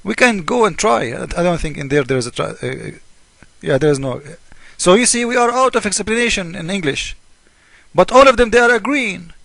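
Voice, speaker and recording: A man's voice: sits high, lively intonation, a little fast, gravelly, fairly bright tone, dry recording. A man delivering a polemical monologue as a religious critic, mocking and argumentative, firing off rhetorical questions.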